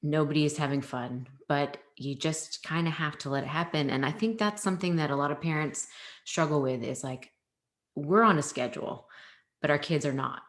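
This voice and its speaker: A woman's voice: deep voice, normal speed. A young adult woman, a former teacher and parent, chatting as an interview guest, laughing often and acting out quotes. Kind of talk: casual interview chat.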